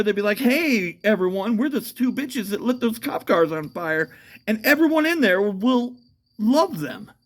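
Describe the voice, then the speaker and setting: A man talking in a casual, meandering monologue, swearing often and restarting his sentences with lots of fillers. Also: very high-pitched. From United States. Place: outdoors at night.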